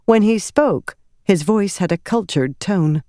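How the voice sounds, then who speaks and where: A woman reading a fantasy audiobook in measured, scripted narration. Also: mid-range voice, warm tone, dry recording, clean studio sound.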